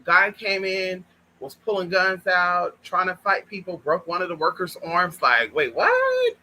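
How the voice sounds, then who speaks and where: A man telling a personal story to viewers in an animated, profane way, often calling them girl and y'all. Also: high-pitched, measured pace, slight background noise, rough recording. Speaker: vlogger. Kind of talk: casual storytime monologue.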